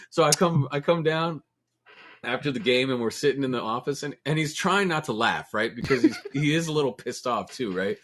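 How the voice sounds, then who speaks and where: A man's voice: medium pitch, expressive, a little fast, fairly bright tone, a little hiss or hum. A man in his forties, a podcast co-host, telling swear-filled stories in casual chat and laughing as he goes. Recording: live stream podcast.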